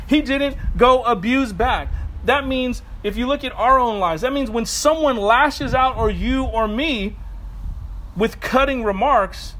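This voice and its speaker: High-voiced man preaching a casual sermon. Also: low-quality recording. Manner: conversational, animated, self-correcting asides. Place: outdoors.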